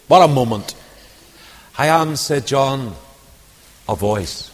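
A man with a lilt preaching a storytelling sermon, dropping to quiet asides and rising to loud, ringing declamation. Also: mid-range voice, animated, slow pace. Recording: long hall reverb.

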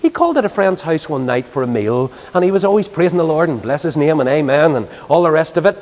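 A high-voiced, lively man preaching to a congregation, his voice leaping from ringing exclamations down to near-hushed asides. His words trail off into the long reverb of a large hall. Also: quick pace. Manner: animated, swinging from loud exclamations to hushed tones. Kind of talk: storytelling sermon.

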